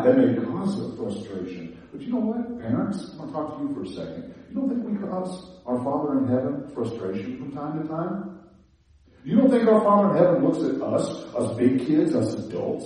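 A man preaching a sermon in a conversational, animated way, laughing and restarting as he talks. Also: lowish voice, heavy reverb, far from the mic, low-quality recording. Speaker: pastor.

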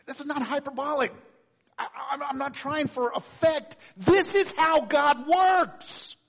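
A man preaching a sermon as pastor, animated and quick to act out voices of the people in the story. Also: extremely high pitch. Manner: animated, acts out voices of figures. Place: church sanctuary. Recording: dull lo-fi recording with long reverb in a church.

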